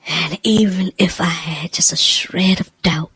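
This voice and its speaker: A woman telling a personal story, emotional and close to tears, in a halting, hushed voice that often drops near a whisper. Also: on the low side, husky, no room sound, rough recording.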